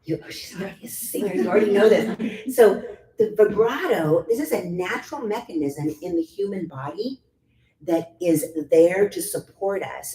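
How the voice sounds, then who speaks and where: A woman's voice: lowish voice, warm tone. A middle-aged woman vocal coach giving a chatty, demonstrative workshop talk. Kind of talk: workshop teaching. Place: club workshop room. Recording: roomy echo, faint room noise.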